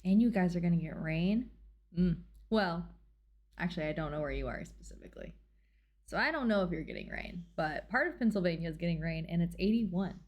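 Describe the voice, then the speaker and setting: A woman's voice: fairly low pitch, lively intonation, fairly quick, muffled recording. Bubbly woman streamer chatting with viewers. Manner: bubbly, chatty, laughs often. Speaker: livestreamer. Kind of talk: casual chat with live viewers. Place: her home.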